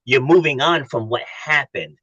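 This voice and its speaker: A male coach talks as a podcast guest in a bright, forceful voice at a mid pitch. He tells his stories earnestly and acts out the dialogue, recorded dry and close to the mic. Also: moderate pace, husky, dry recording, lo-fi sound. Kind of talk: casual interview chat.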